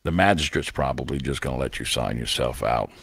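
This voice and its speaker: A man voicing a calm police officer who talks in a low, soothing way. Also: fairly quick, breathy edge, no echo, studio quality, exaggerated voice. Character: calm smooth-talking male police officer.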